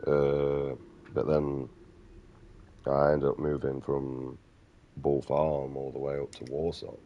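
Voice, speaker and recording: A gaming vlogger with an extremely low, booming voice. He rambles in a casual, profane rant, swinging between crude mockery and loose storytelling. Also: little pitch movement, takes it slowly, muffled recording, slight background noise. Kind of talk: casual rant over gameplay.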